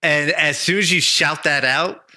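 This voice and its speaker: A man's voice: a little high, measured pace, dry recording. A man narrating a tabletop role-playing game as game master, telling the action with laughs. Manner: animated, laughing storyteller.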